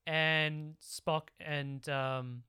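A man with a high, bright voice recaps a film in casual chat, full of sarcastic asides. His tone is clear and smooth. He sounds like a podcast co-host. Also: little pitch movement, extremely slow.

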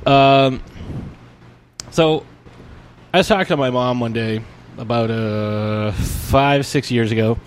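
Male podcast co-host, mid pitch, rambles and restarts, bit of hiss in the background. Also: takes it slowly. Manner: rambling, with many restarts and fillers. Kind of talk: casual chat, storytelling.

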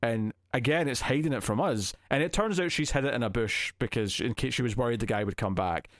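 A man co-hosting a movie podcast who retells scenes with lively energy and drops into quick character voices. His voice sits in a middle pitch, recorded close and dry with no room sound. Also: dry recording. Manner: animated retelling, acts out scenes in quoted voices. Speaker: podcast co-host. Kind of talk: casual film review chat.

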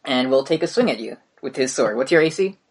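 A man's voice: mid-range voice, lively intonation, brisk, slightly rough. A man narrating as game master in a tabletop game, casual and full of fillers. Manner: casual, hesitant with many fillers.

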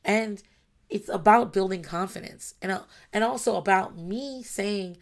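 A woman talking about parenting in a frank, animated way, swearing freely and acting out her kids' and her own voices. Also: mid-range voice, a little fast, vocal fry. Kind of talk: casual talk to camera about parenting.

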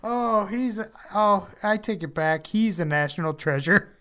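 A man's voice: sits high, expressive, a little slow, bright, forceful tone, clean tone. A young man co-hosting a podcast, giggling and breaking into wheezy laughs as he talks. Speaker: podcast co-host. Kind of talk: casual podcast chat. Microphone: remote internet recording.

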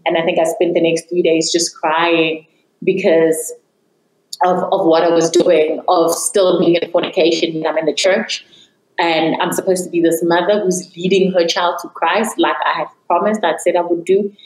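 A woman's voice: fairly low pitch, little pitch movement, moderate pace, darkish tone. A young woman earnestly telling her personal faith testimony as an interview guest. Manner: earnest, reflective storytelling. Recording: echoey room.

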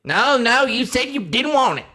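A woman playing a grumpy, touchy cook who answers in a gruff, huffy, defensive way. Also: on the high side, very animated, moderate pace, bright, forceful tone, heavily acted.

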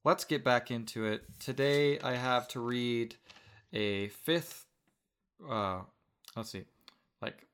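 A male podcast host talking casually with his co-host. He is dry and a bit hesitant, trailing off with small fillers as he sets up the reading. His voice sits in a middle pitch. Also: slow, pauses often, slight background noise. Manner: relaxed, wry, hesitant with fillers.

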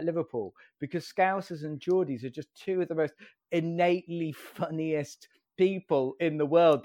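Man in his thirties, animated comedian guest, slightly high voice, dry close sound. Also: no echo. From English Midlands. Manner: animated, laughing storyteller. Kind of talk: casual interview chat.

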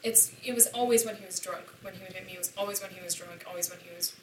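This young woman talks fast in a flat, fairly low voice while candidly telling a podcast audience about something painful, leaning heavily on "like." She's emotional and open. The background is noisy, and she sounds far from the mic in a roomy space.

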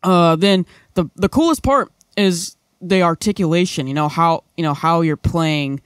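A man's voice: on the high side, normal speed, clear, resonant tone, no echo, studio quality. A young man co-hosting a casual podcast, rambling with lots of fillers into a microphone. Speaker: podcast co-host. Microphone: studio microphone.

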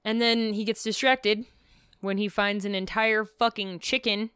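A woman chats through a film recap on a podcast, lively and profane, jumping into the characters' voices. Her tone is smooth and clear, and the sound is dry and close to the mic. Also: medium pitch, unhurried, no echo. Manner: animated, profane, acts out quotes with laughter. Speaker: podcast co-host. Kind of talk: casual movie recap chat.

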